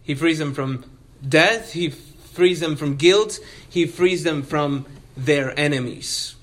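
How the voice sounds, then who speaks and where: A man's voice: on the high side, slow, a bit bright. A male pastor preaching an expository sermon, reading scripture and explaining it with earnest emphasis.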